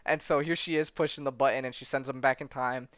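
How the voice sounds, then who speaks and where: A man's voice: mid-range voice, steady tone, fast, a bit bright, dry recording, lo-fi sound. A man hosting a podcast, casually recapping a comic, chatty and full of "right?" and "like", often laughing. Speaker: podcast host.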